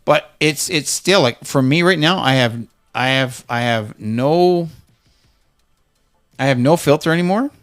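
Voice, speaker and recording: A man's voice: on the high side, a little slow, fairly bright tone, soft background music. A man chatting casually on a podcast, telling heated stories bluntly and swearing constantly. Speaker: podcast co-host. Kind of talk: profane casual chat.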